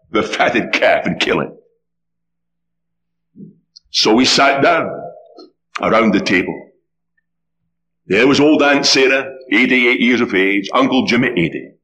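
Animated preacher man telling a story. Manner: animated, swinging pitch, dramatic storytelling. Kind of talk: sermon with storytelling.

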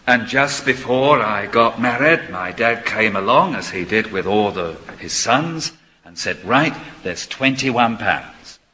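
An older man preaching a sermon, moving between quiet, confiding asides and ringing, emphatic proclamation. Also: on the low side, lively intonation, unhurried. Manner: swings from soft confiding asides to emphatic declamation. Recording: long hall reverb.

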